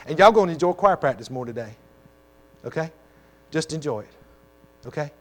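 A man's voice: on the high side, expressive, normal speed, pauses often. A man preaching as pastor to his congregation, talking in emphatic, repetitive exhortations. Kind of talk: sermon. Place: church sanctuary.

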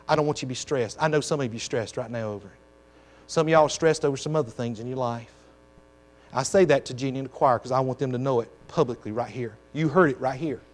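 A man preaching as pastor to his congregation, talking in emphatic, repetitive exhortations. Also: fairly high pitch. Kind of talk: sermon. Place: church sanctuary.

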